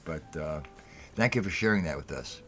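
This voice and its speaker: A middle-aged man with a low, deep voice hosts a casual talk show. He tells his stories bluntly and heatedly, swears freely and repeats lines to drive them home. Faint music plays behind him. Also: animated, normal speed, creaky, a bit bright. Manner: heated storytelling, blunt and profane, repeats himself for emphasis. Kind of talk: casual call-in show monologue.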